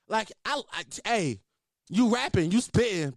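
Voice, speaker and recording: Speaking a little slowly in a high voice, a young podcast host riffs loosely with profanity and plenty of laughter. The casual comic commentary is animated, and the studio-quality recording has no room sound.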